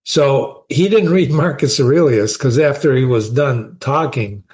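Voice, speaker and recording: Male host, mid-pitched, reads a text aloud and riffs on it, emphatic, rhetorical. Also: measured pace, a little mellow. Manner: emphatic, asks rhetorical questions. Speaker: host reading and discussing philosophy. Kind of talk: reading aloud with conversational commentary.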